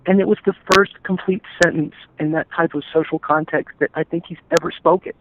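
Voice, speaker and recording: A man telling his family's story in an interview, earnest and halting, often restarting his sentences. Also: on the high side, fairly even intonation, noisy background. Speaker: interview guest, stepfather. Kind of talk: emotional personal account. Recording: tinny phone-like call audio.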